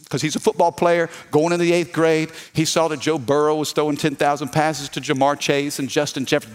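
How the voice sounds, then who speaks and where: A man, lively and calling for amens. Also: on the high side, fast, hardly any pauses. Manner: lively preaching with call-and-response. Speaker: pastor. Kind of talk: sermon.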